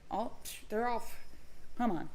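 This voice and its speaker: A woman's voice: fairly high pitch, normal speed, darkish tone. Rambling woman with faint background hiss. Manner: rambling, filler-heavy, easygoing. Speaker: podcast co-host. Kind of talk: casual chat.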